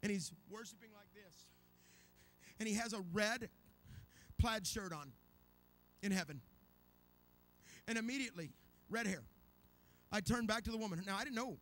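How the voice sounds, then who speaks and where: A man's voice: sits high, normal speed, long pauses. A man preaching a revival sermon in a church, telling stories dramatically and acting out the voices. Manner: dramatic, acts out voices, builds to shouting. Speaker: guest preacher.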